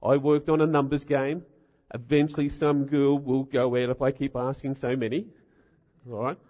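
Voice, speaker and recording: A middle-aged man delivers a humorous sermon, spinning stories and tossing in wry rhetorical asides. His voice is mid-range and level, at a normal speed. The recording sounds dull, captured in a reverberant hall.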